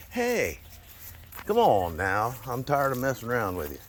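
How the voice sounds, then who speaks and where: A man outdoors pleads with and scolds his dog in a coaxing, exasperated way, his voice swooping from low mutters to high bursts. The recording is noisy, with outdoor ambience and a dog barking behind him. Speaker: dog owner. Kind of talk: casual talk to his dog. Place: outdoors near a house and garage.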